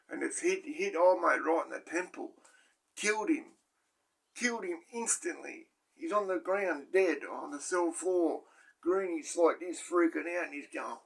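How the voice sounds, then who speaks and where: A man's voice: on the high side, vocal fry, fairly bright tone, breathy edge. An Australian man, a former prisoner, tells a story in a rambling, profane way and keeps tagging his lines with "right?". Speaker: former prisoner telling stories. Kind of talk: casual storytelling to camera.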